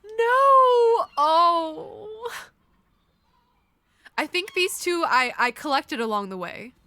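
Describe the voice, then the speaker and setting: Tearful high-voiced woman streamer. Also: big pitch swings, moderate pace, sharp tone, clean tone, dry recording, studio quality. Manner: emotional, exclaiming, laughing through tears. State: crying, stuffed nose. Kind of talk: live game stream reaction.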